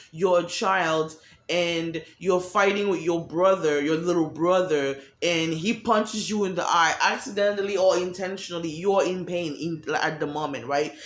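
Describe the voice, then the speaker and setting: A woman giving a candid, profane monologue about emotions, acting out quoted voices as she talks. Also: on the low side. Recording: echoey room.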